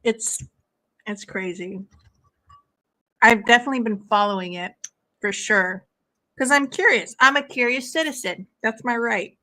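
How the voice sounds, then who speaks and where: A woman's voice: a little high, a little slow, long pauses, pushed and bright. A young woman hosting a casual watch-along stream, chatting with viewers and laughing a lot, with many "like"s. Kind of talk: casual chat with live viewers.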